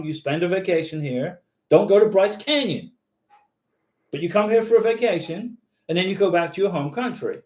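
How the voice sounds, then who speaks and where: A chatty man with a high voice hosts a casual livestream. He reads out viewers' comments and answers them directly. The sound rings around an echoey room. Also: a little mellow.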